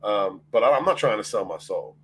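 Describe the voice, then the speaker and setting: A man's voice: lowish voice, lively intonation, fairly quick, a bit bright, a little hiss or hum. A man hosting a casual livestream, greeting his chat by name, laughing often and swearing freely. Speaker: livestream host.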